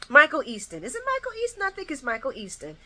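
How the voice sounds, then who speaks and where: A woman hosting a casual recap, talking emotionally and rambling, sometimes shouting her reactions. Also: sits high, wildly swooping pitch, fast talker, slight background noise. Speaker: soap opera recap host.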